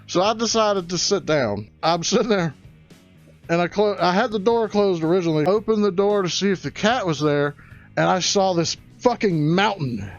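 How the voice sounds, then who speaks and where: A high-pitched man tells a crude comic story and keeps bursting into loud, excitable shouts. The sound is dull and lo-fi, with faint music underneath. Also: normal speed. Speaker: comedian telling a story. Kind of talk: stand-up storytelling.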